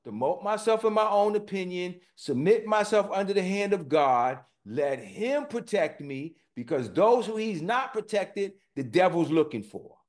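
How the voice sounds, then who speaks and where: A man preaching a sermon, reading scripture slowly and then explaining it in plain, folksy words. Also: very animated, a little mellow. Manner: reads scripture slowly, then rises in pitch and force as he explains; informal, folksy phrasing.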